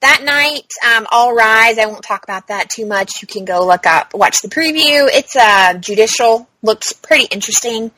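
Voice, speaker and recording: A woman's voice: a little high, animated, normal speed, hardly any pauses, pushed and bright, no echo, low-quality recording. A woman co-hosting a podcast, talking casually and rambling about new TV shows, laughing easily. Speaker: podcast co-host. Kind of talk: casual TV chat.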